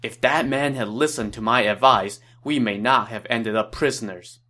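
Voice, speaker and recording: A man's voice: medium pitch, normal speed, sharp tone. A man reading a proud defiant male advisor. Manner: firm, plainly quoted lines. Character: Chen Gong, proud defiant male advisor facing execution.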